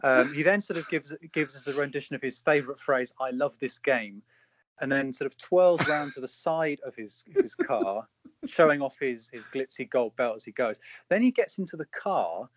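A man's voice: medium pitch, animated, normal speed, no room sound. A man with a mid-range voice rambles through a story, full of fillers and restarts and often amused. The sound is dry and close, a bit dull in the top end. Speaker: podcast co-host. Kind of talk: casual storytelling chat.

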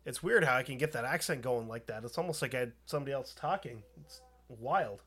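A man's voice: medium pitch, animated, quick pace, fairly bright tone, husky. A man hosting a podcast in casual chat, profane and joking. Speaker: podcast host.

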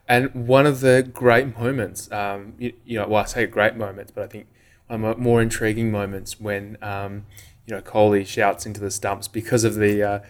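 Australian man, podcast co-host, casual rambling chat, lowish pitch. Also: level tone, moderate pace. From Western Australia. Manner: rambling, frequent "you know" and "um".

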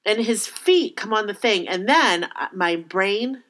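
A woman's voice: medium pitch, animated, a little slow, a bit bright. A woman co-hosting a casual chat, wry and supportive, chiming in and finishing her friend's sentences. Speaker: co-host.

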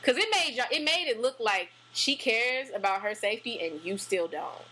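Animated chatty woman, bright voice. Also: a little high, moderate pace, slight background noise, rough recording. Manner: animated, chatty, lots of fillers and restarts. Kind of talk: casual chat.

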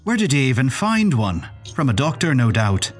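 A man voicing a gruff, blustering, sneering sceptic. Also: medium pitch, very animated, normal speed, soft background music, close to an everyday voice.

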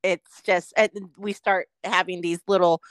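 Ranting profanely as co-host of a casual podcast, this Californian woman acts out her own reactions in quotes. She has a lowish, smooth voice with a steady tone and measured pace, in a dry recording.

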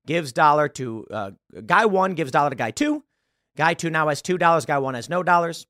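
A man hosting a political commentary show, talking in an animated, rambling monologue full of fillers. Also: a little high, moderate pace, no echo, clean studio sound. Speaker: show host.

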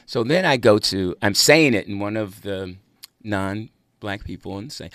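A man who is a comedian guest in a radio studio, chatting casually and telling stories in an animated way. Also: lowish voice, a little slow, no room sound. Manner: animated storyteller, lively asides.

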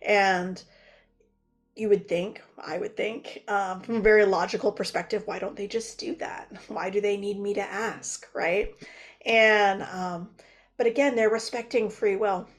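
A woman speaking as a guest on a spiritual podcast, explaining ideas thoughtfully with frequent pauses and fillers. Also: mid-range voice, fairly even intonation, faint music behind. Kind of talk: casual podcast conversation.

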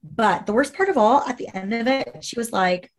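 A woman's voice: on the high side, expressive, moderate pace. A woman guest telling a personal story in an interview, candid and blunt, swearing freely.

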